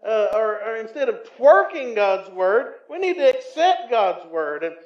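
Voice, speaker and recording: Southern man, pastor, sermon, high-pitched, booming echo, loud-then-hushed delivery. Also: sing-song, unhurried. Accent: Southern American. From Tennessee. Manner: swings between loud emphatic preaching and low, quiet asides. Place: church sanctuary. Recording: echoey, slightly muffled church recording.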